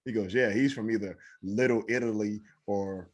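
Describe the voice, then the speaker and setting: Male podcast co-host, low and husky, animated storyteller. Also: moderate pace. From Cleveland. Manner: animated storyteller, acts out quotes. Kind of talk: casual chat.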